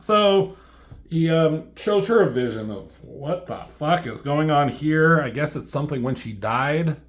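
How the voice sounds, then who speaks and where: A man's voice: fairly high pitch, lively intonation, unhurried. A man reviewing a comic book with sarcastic, profane running commentary. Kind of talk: comedic commentary.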